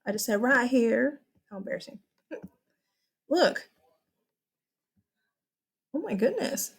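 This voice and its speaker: A young woman with a Texan accent, teaching a recorded history lesson in a chatty, animated, exclamatory way. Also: fairly high pitch, slow pace, breathy edge.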